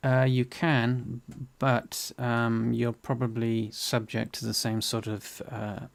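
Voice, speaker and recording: A man's voice: medium pitch, completely flat delivery, slow, creaky. A man casually explaining a 3D program on screen, with many ums and restarts. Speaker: 3D tutorial host. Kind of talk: casual screen-share chat.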